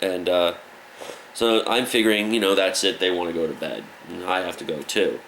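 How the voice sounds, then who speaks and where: A man's voice: sits low, moderate pace, gravelly, slight background noise, low-quality recording. A man casually telling a story from his youth, acting out the voices of the people he quotes. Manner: animated, acts out quoted voices. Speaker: musician guest.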